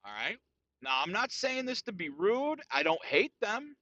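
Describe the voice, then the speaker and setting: A man's voice: high voice, big pitch swings, moderate pace, sharp tone, no room sound, muffled recording. A man hosting a casual solo podcast rant, talking in a crude, profane and boastful way, calling everyone "dude". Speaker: podcast host.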